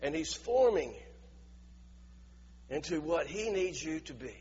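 A man's voice: on the high side, very animated, slow, a little mellow, breathy edge, long reverb tail, dull audio. A male preacher giving a conversational sermon, asking his listeners questions as he retells a scripture passage. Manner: conversational, asks the audience questions.

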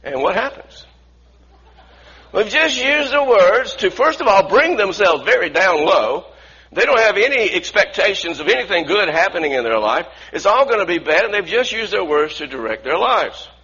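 High bright-voiced male preacher. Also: sing-song, normal speed, slightly rough, highs cut off. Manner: earnest, repeats and restarts phrases; asks the congregation to repeat lines. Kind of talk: sermon.

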